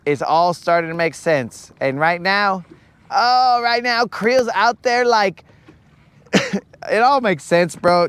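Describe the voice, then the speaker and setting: A man's voice: a little high, fairly bright tone, clear, resonant tone, dry recording. A young man hosting a live fishing stream, chatting casually in a rambling, joking way from a boat on a lake. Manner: rambling, joking, slow-paced. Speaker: fishing livestream host.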